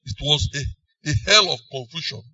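Nigerian preacher man, slow and emphatic, bright slightly high voice, dry sound a bit off mic. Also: expressive, slightly rough, dry recording, far from the mic, dull audio. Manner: emphatic, with sudden swings between loud and soft. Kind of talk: sermon.

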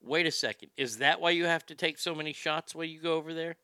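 A man hosting a comedy show, riffing through news commentary in a profane, animated way. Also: fairly high pitch, fast, clear, resonant tone, dry recording, clean studio sound.

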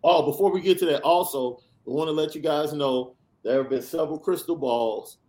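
A man's voice: fairly high pitch, brisk, dark tone. A man hosting a sports podcast, ranting with emphatic, sarcastic repetition. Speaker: podcast host. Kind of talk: animated sports podcast rant.

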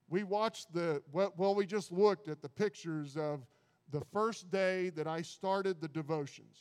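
A man's voice: sits high, clear, resonant tone. A man preaching a sermon who stumbles and repeats words, building into fervent preaching.

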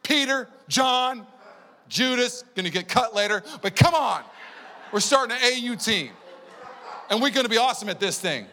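Casting: a preacher putting on a furious savior, high strained shouting, bright edge. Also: male voice, expressive, normal speed, full character voice. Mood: rallying. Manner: shouting, rebuking. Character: fiery scolding male preacher-savior, adult. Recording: long church hall reverb.

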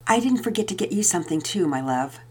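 A gentle mother speaks in a soft, sweet, lightly breathy voice with a lilting, expressive melody, as a woman reading the story puts her on. She sounds like a warm figure from a children's storybook. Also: lowish voice, fast. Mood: affectionate. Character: loving mother, gentle and tender.

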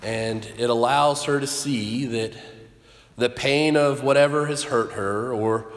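A man in his thirties, a pastor giving a sermon in an earnest, halting storytelling way with restarts. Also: medium pitch. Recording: echoey hall with long reverb.

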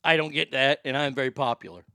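A man hosting a podcast in a loud, mocking, casual comedic style, laughing at his own jokes. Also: medium pitch, quick pace, no room sound, clean studio sound. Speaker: podcast host.

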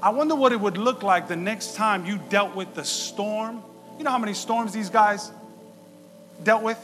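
A man preaching a sermon as pastor, passionate and swinging from quiet to shouting. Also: high voice, normal speed, faint music behind. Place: church sanctuary. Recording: reverberant hall.

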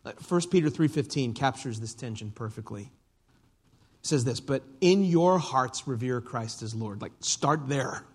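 A man preaching a conversational sermon as a church teacher, retelling stories in an animated way. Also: mid-range voice, measured pace, breathy edge. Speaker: pastor.

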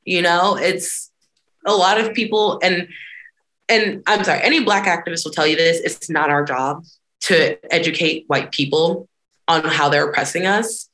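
Animated woman activist, lowish voice. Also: moderate pace. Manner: animated, acts out quoted voices. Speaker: activist guest. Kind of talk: conversational interview answers.

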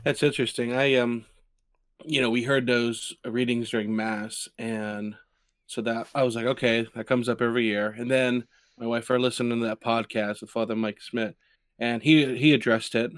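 A man's voice: medium pitch, normal speed, dry recording. A man co-hosting a podcast, chatting casually and retelling stories with energy. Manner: animated storyteller, retelling scenes with quoted lines. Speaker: podcast co-host.

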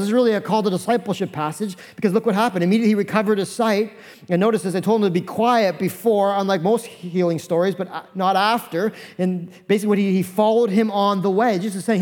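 A man preaching a sermon as pastor, animated, acting out the voices of the figures in his story. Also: high-pitched, fairly quick, long reverb tail.

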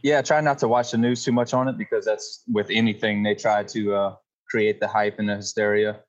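A Louisiana man with a Cajun accent speaks as a podcast guest, laid-back and matter-of-fact. His voice is low and flat, with little rise and fall. The remote audio sounds dull and lo-fi. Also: a little fast. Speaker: podcast guest, company co-founder. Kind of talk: casual podcast chat.

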